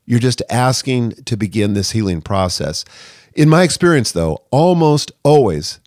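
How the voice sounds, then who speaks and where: A man's voice: medium pitch, lively intonation, normal speed, a little mellow, dry recording, clean studio sound. A man hosting a podcast, speaking in an earnest, direct way and acting out sample apologies. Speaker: podcast host. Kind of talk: conversational podcast advice.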